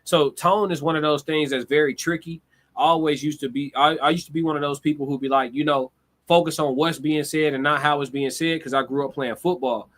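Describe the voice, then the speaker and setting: A man's voice: on the high side, a bit bright. A young adult man, hosting a casual live-stream monologue in a conversational, reflective way, swearing freely. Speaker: livestream host.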